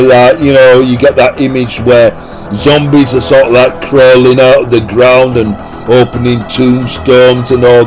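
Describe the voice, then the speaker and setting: A young man rambling through a casual film recap in a chatty, slangy way. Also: mid-range voice. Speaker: video creator.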